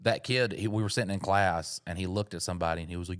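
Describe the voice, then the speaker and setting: A man's voice: sits low, quick pace, clean tone. A man co-hosting a podcast, telling a rambling comic story full of swearing. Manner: profane, rambling, animated. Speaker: podcast co-host. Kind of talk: comedic storytelling.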